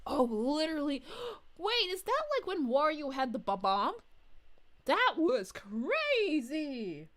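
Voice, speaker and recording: A woman's voice: high voice, sing-song, takes it slowly, a bit bright, exaggerated voice. A woman voicing a bubbly, giggly young princess as a VTuber streamer, chatting with viewers in character. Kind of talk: in-character livestream chat.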